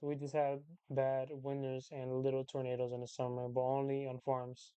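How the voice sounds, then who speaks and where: A young man hosts a livestream, chatting casually with viewers in a rambling, slangy way and repeating his phrases. His mid-range voice is monotone and dark but clear and resonant, at a normal speed. There's no echo, though the audio is dull.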